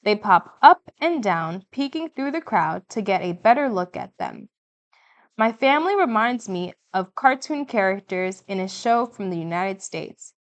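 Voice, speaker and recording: A woman narrating an audiobook in the first person, with measured, vivid storytelling. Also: mid-range voice, lively intonation.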